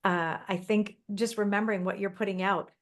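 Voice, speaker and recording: A woman's voice: medium pitch, steady tone, fairly quick. A woman hosting a podcast interview, with a supportive manner and frequent short affirmations. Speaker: podcast host. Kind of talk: conversational interview.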